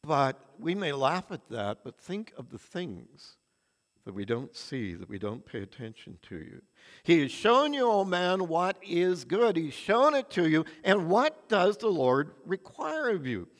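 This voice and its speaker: An older male preacher delivers his sermon in an earnest storytelling manner, his emphasis rising and falling dramatically. His voice is slightly higher than most men's, and a long reverb trails through the large church hall. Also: very animated, measured pace. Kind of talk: sermon with anecdotes.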